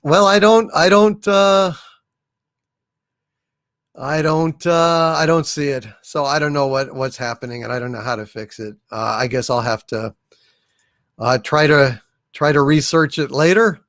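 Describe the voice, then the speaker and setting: With a slightly high voice and an unhurried, measured pace, this livestream host keeps things chatty and appreciative, thanking viewers often and warmly for their messages. The audio is clean studio sound with no room tone.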